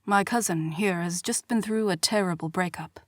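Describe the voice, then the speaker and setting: A woman's voice: fairly low pitch, moderate pace, dry recording, studio quality, natural voice. A woman playing a cocky charming prince. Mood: easygoing. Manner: smooth, easygoing, playful.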